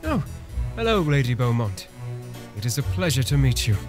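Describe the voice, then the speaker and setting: A woman doing a low, polite gentleman suitor. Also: very animated, moderate pace, faint music behind. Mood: courteous. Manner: polite and mannered. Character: polite young gentleman suitor, smooth and courteous.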